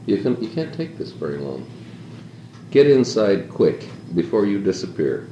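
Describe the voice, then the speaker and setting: A man's voice: on the low side, very animated, moderate pace, dark tone, highs cut off. A man leading an informal talk to a small group, reflective and rambling, stacking up repeated calls to "consider" as he goes. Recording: echoey room with faint hiss.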